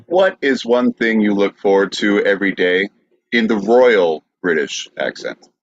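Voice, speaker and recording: A man with a lowish voice hosts a podcast and puts his questions steadily and plainly. The sound is dry and close with no room around it. It comes through a dull, lo-fi line. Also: a little slow, dry recording. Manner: steady, matter-of-fact questioning. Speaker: podcast host. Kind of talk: asking quiz questions.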